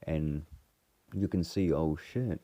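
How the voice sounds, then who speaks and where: Low, dark-voiced man rambling through a recap. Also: takes it slowly. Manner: rambling, full of fillers and restarts. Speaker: fan reviewer retelling a TV episode.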